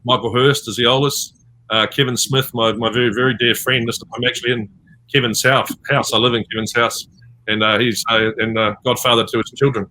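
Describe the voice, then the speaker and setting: Man, New Zealand accent, bright timbre, rambling anecdotes, video call interview. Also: medium pitch, little pitch movement, fairly quick, slight background noise. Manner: rambling anecdotes with many fillers and restarts. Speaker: voice actor guest. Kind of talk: convention panel interview over video call.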